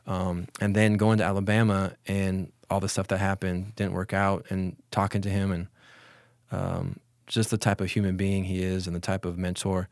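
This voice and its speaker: A man in his forties, a former college football player, telling stories in a relaxed, reflective way during an interview, with many restarts. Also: low voice, normal speed, no room sound, studio quality. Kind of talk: casual storytelling in an interview.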